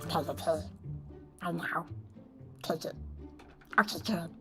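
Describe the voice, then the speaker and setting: A woman voicing an eccentric old witch who welcomes guests into her woodland cottage, pushy and theatrical, swinging from hushed coaxing to shrill gremlin outbursts. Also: slow pace, music in the background. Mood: pushy, insistent.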